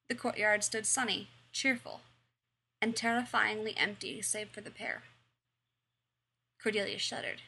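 A woman reading a fan fiction story aloud in a plain, steady way. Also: fairly high pitch, normal speed, creaky, breathy edge. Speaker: reader.

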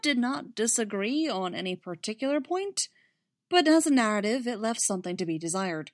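A woman reading a story aloud in a quiet, measured way. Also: fairly high pitch, big pitch swings. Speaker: narrator. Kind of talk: audiobook reading.

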